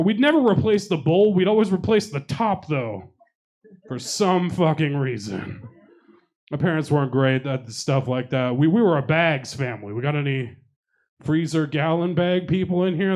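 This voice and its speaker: A young man doing stand-up on a showcase stage, his voice sitting a little high for a man. He swears freely, jokes at his own expense and picks on people in the crowd. He talks into a handheld mic. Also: darkish tone. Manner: profane, self-deprecating storytelling with crowd work. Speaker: stand-up comedian. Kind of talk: stand-up comedy set. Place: comedy showcase venue with live audience.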